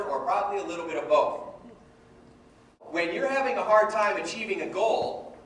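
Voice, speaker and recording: A man with a Midwestern American accent giving a humorous, animated motivational talk to a live audience. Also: sits high, slight background noise. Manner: humorous and animated, with playful voices. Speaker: motivational speaker. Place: large event hall with a live audience. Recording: echoey hall recorded from far off. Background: audience laughter and room ambience.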